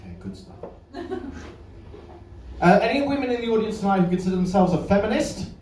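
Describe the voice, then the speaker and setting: Audience laughter fills a roomy, off-mic recording of a man's stand-up set at a comedy club, where he banters with the crowd and swears freely. His voice is high-pitched, animated, fairly quick, and a little mellow, captured from a distance with slight background noise.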